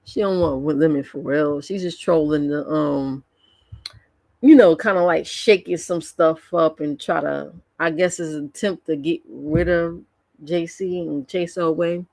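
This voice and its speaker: Low, slow-talking gossipy woman streamer. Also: vocal fry, a little mellow, dry recording. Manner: gossipy, laughs often, drawn-out slangy commentary. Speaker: streamer reacting to online drama. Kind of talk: casual live-stream chat.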